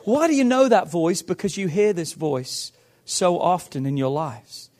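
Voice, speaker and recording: A man preaching a sermon to his church, emphatic and swinging between loud calls and hushed passages. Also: high-pitched, sing-song, measured pace. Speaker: pastor.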